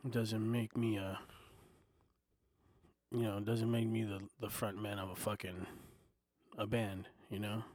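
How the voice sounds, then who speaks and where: A man hosting his own podcast from his desk, ranting heatedly and profanely, filling pauses with "you know" again and again. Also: on the low side, level tone, a little mellow, no echo, clean studio sound. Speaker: podcast host. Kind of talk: casual solo podcast rant. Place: home desk. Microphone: desktop microphone and recorder.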